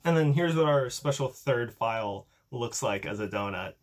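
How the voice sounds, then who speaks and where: Young man, chatty tech vlogger, upbeat, self-deprecating, casual filler-heavy talk, middle pitch. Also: expressive, moderate pace. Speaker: YouTuber demonstrating a coding project. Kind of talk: casual tech demo vlog.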